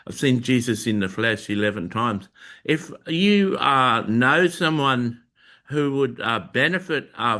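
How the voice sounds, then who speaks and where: A man hosting his own channel, telling a personal religious testimony in a halting way with many filler sounds and restarts. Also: mid-range voice, fairly bright tone. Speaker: Christian video host sharing testimony.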